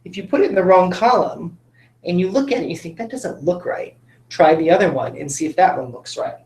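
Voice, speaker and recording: A man's voice: sits high, animated, fast talker, a little mellow, reverberant. A male teacher giving a patient phonics lesson to children, coaxing them along with tag questions.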